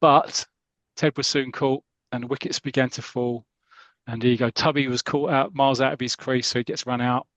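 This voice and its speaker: A man's voice: medium pitch, fairly even intonation, normal speed, a bit bright, no echo, lo-fi sound. A man casually retelling a comic story, laughing often and acting out quotes. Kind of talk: casual chat, retelling with put-on voices.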